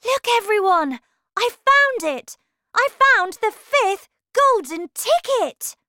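A woman voicing a young boy who shouts with excitement in a storybook reading. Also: takes it slowly, no echo, heavily acted. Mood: thrilled. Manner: shrill, breathless shouting.

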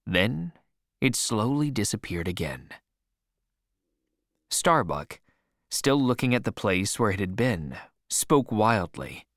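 A man narrating an adventure story as a scripted audiobook, expressive and measured. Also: fairly low pitch, no echo, studio quality.

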